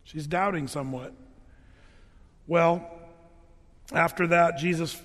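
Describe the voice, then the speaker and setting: A male pastor preaching a sermon, reading scripture and explaining it in a casual, joking way, his voice dropping lower for the verses. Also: steady tone, slow pace, a bit bright. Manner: conversational and jokey, drops low for read verses. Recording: long hall reverb.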